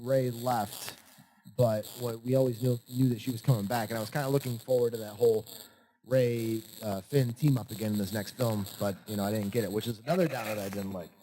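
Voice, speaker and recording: A man co-hosting a podcast in casual chat, animated and full of fillers as he puts questions to his partner. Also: on the low side, brisk, slight background noise, poor audio. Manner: animated, quizzing his co-host, many fillers. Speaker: podcast co-host. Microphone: home podcast mic.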